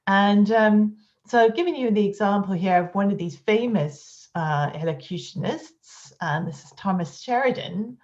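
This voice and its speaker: A woman's voice: medium pitch, normal speed, few pauses, a little mellow, highs cut off. A woman giving an academic conference talk, hesitant and full of fillers, over a video call. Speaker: conference speaker. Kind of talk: academic lecture.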